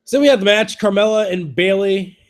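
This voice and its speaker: Male podcast host, slightly high voice, halting wry ramble. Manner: rambling, halting restarts, wry mocking asides. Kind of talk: casual wrestling recap.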